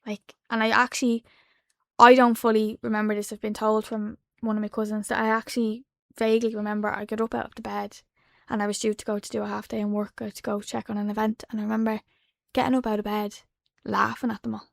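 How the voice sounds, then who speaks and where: A woman in her twenties with an Irish accent, a podcast guest telling a personal story in a soft, halting way that drops to a hush. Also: medium pitch, level tone, gravelly, no echo. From Ireland. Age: 20s. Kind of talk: emotional personal account. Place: podcast studio.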